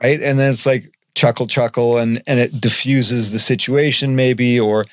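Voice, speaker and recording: A man talking earnestly in a casual podcast conversation, getting animated and swearing now and then. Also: medium pitch, normal speed, dry recording, studio quality.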